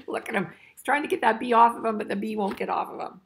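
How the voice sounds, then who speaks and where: An older woman's husky, gravelly voice carries a picture-book read-aloud for children. She sits a little high in pitch and takes her time, playful and full of small chuckles as she invites her listeners to join in. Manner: playful, asks the listener questions, chuckles often.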